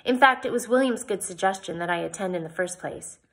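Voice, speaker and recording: A woman's voice: mid-range voice, fairly quick, fairly bright tone, natural voice. A woman voicing a prim, earnest young lady in a read-aloud storybook, asking questions in a raised voice.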